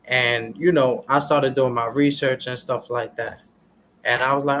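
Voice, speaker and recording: A man vlogging in a casual, preachy rant full of street slang, often turning to his viewers with "y'all" and getting loud and animated when worked up. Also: medium pitch, unhurried, slight background noise. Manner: street slang, repeats "y'all" and "you understand what I'm saying". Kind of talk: casual ranting commentary to viewers.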